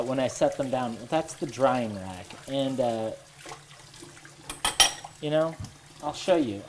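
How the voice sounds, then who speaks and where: A woman hosting a home cooking show, talking in a rambling, wry and self-deprecating way in her kitchen, a little nervous and halting. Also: a bass voice, mellow, slight background noise. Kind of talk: rambling casual monologue while cooking. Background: running water and sizzling pan.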